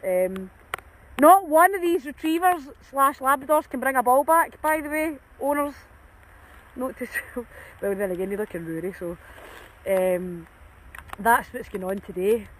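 A high-voiced woman talks to her phone camera in an open field while walking her dogs in the cold rain. She sounds run down from a cold but keeps up a chatty, self-mocking stream of talk, laughing often, with a faint hiss of outdoor noise behind her. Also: animated, unhurried, rough recording. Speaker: dog walker vlogger. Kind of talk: casual outdoor vlog chat.

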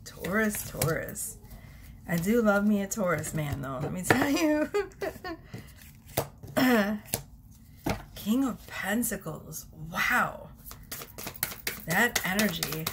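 A woman's voice: medium pitch, expressive, takes it slowly, pauses often, noisy background. A young woman chatting casually at home while giving a tarot reading, often breaking into giggles. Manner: giggly, chatty, self-interrupting. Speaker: tarot reader.

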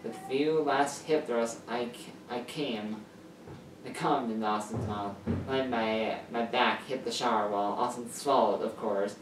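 A woman's voice: extremely low pitch, unhurried, recorded from a distance. A woman reading a first-person story aloud, stumbling over words and correcting herself as she goes. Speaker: story reader. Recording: echoey room, off-mic, faint hiss.

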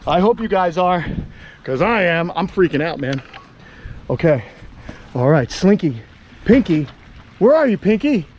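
A man vlogging outdoors, coaxing a big lizard along in a sing-song voice and talking excitedly to his viewers. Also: sits high, unhurried, long pauses, dull audio, a little hiss or hum. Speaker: reptile keeper vlogger. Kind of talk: excited outdoor vlog narration. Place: outdoors on a property.

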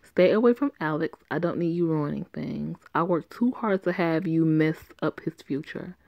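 A woman's voice: low voice, normal speed, gravelly, no room sound, muffled recording. A woman voicing a stern, controlling mother of a teenage boy, giving orders in a bossy, commanding way.

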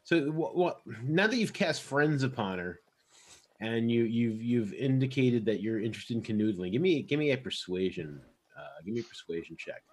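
Husky man running a tabletop game. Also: mid-range voice, lively intonation, moderate pace. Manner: laughing, loose narration with many restarts. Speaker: dungeon master.

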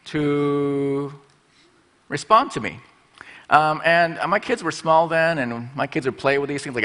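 A man's voice: on the high side, expressive, normal speed, bright, forceful tone. A middle-aged man giving a conference talk on stage as a design school president, playful and acting out little voices. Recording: long hall reverb.

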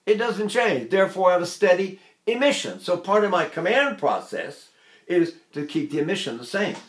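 An older man from Texas teaches singing technique in a lively, chatty way, slipping in asides and little chuckles. His speaking voice sits fairly high for a man. The room around him rings with a noticeable echo. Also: moderate pace, slight background noise. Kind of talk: vocal technique lesson with spoken demonstrations. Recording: roomy echo.

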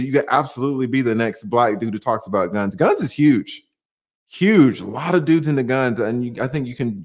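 A man hosting a casual livestream, talking in an animated, rambling way with many restarts. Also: medium pitch. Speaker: livestream host.

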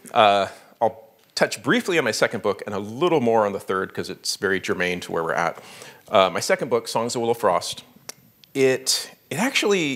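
A man's voice: fairly low pitch, a bit bright. A man, an author, giving a conversational talk at a library, telling stories animatedly with fillers.

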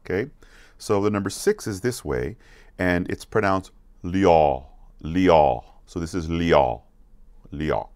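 A man teaching children a counting song, going slowly and repeating each word so they can follow. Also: deep voice, animated, no room sound. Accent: American. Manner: repeats words slowly, asks questions to check along. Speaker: music teacher. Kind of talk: slow, patient lesson for kids.

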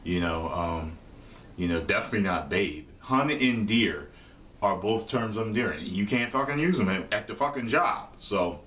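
Low-voiced man telling stories, echoey room. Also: moderate pace. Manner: swearing, animated retelling with quoted voices. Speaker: vlogger. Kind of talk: casual storytelling monologue.

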